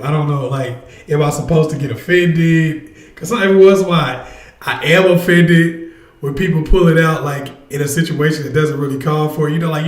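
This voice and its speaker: In an echoey room, a man with a fairly high voice runs a casual livestream. He talks with viewers and eagerly pushes them to take part.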